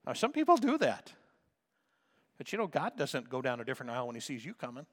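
A man preaching a sermon as a pastor, swinging from soft asides to loud emphatic calls. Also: mid-range voice, huge pitch swings, fast, long reverb tail.

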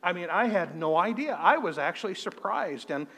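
A man's voice: sits high, lively intonation, moderate pace, sharp tone. Earnest preacher man in reverberant hall. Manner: earnest, repeats words at starts of phrases. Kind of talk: sermon with personal testimony.

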